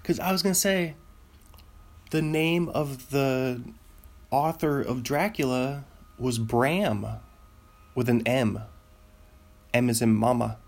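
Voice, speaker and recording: A man's voice: mid-range voice, takes it slowly, pauses often. A man hosting his own show, chatting casually on his own, rambling and laughing at his own jokes. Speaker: podcast host. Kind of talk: casual solo chat.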